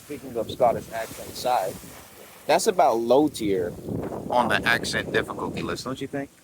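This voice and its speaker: A man's voice: medium pitch, animated, normal speed. A young man vlogging casually on a rocky coastline, rambling and slangy as he films the waves on his phone. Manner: rambling and laid-back, slangy with "bro" and "man". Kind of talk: casual chat to camera. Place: outdoors crouched on a rocky coastline by crashing waves. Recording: wind noise and loud surf.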